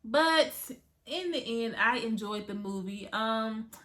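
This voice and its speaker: A woman with a bright, ringing voice talks through a movie review in a loose, chatty way. She retells scenes with lively asides to her viewers, sitting a little higher in pitch than most women. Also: slow. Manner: animated storytelling with asides to viewers. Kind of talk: casual spoken movie review.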